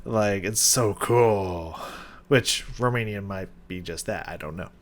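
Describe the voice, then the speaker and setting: A man hosting a music reaction, talking casually with excited, rambling enthusiasm and lots of restarts. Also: on the low side, unhurried. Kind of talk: casual reaction and song analysis.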